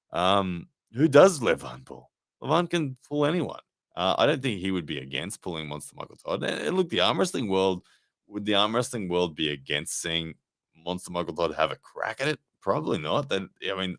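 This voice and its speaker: Hosting a casual livestream review, a man who also commentates armwrestling chats loosely with viewers, answering their comments with lots of fillers and restarts. His voice is low-pitched yet fairly bright, recorded in a clean studio with no echo.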